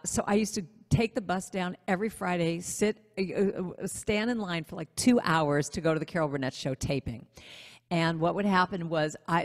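In a casual online interview, a woman singer-songwriter animatedly tells a self-deprecating story. Her pitch is fairly low, and the audio has a big-room sound.

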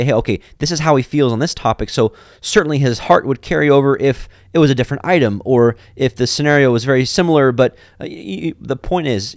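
A man who grew up in a Jewish family gives an informal, conversational Bible teaching, drifting into side tangents and reading scripture aloud. His medium-pitched voice is captured in a dry, studio-quality recording.

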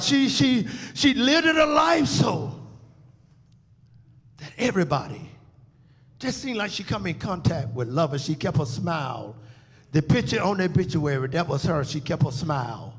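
A man's voice: sits high, a bit bright, long reverb tail. A man preaching a funeral eulogy as pastor, his delivery rising and falling as he calls out to the congregation. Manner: preaching with swells and call-outs to the congregation. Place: church sanctuary.

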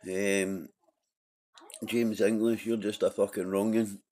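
A man's voice: lowish voice, little pitch movement, takes it slowly, warm tone. A Scottish man in casual live-stream chat, blunt and rambling, swearing freely as he calls people out.

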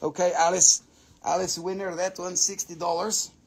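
A man hosting a live crystal sales stream, chatting casually and excitably in non-native English, swearing freely and laughing often. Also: high-pitched, moderate pace, gravelly, husky.

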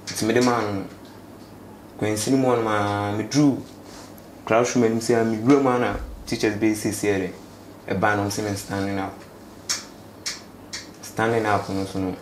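Young man with a flat low voice. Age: young adult. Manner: halting, repetitive speech mixing English and local words. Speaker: interviewee. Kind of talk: casual street interview. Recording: echoey space with faint background noise.

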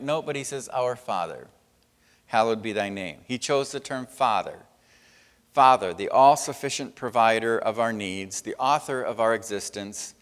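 A man delivers a sermon from the pulpit in a relaxed, conversational way, often tagging his points with a quick "right?" to the congregation. His voice sits at an ordinary middle pitch and carries a long reverb from the church hall. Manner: conversational preaching with frequent tag questions. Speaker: pastor. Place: church sanctuary.

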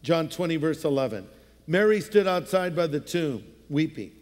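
Male pastor, high-pitched voice, casual storytelling sermon with a lot of hall echo. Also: lively intonation, normal speed, darkish tone. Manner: conversational storytelling with playful voices.

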